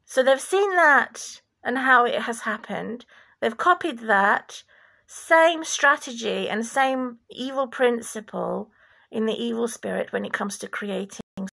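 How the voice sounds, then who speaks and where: A woman from former Yugoslavia delivers a slow, deliberate religious monologue with a preachy edge. Her voice is deeply gravelly and creaky, and she speaks at an unhurried, measured pace, sometimes sinking into a whisper. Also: sharp tone. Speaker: vlogger.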